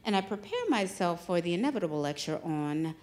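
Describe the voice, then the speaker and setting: Animated woman telling a comic true story. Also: lowish voice, a little fast. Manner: animated, laughs through lines, salty language. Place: stage at a live venue with an audience.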